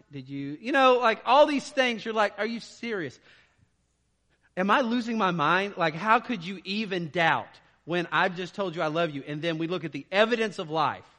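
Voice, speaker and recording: Bright-voiced high-pitched male preacher. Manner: casual, conversational preaching with frequent "right?" and laughs. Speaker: pastor. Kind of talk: sermon.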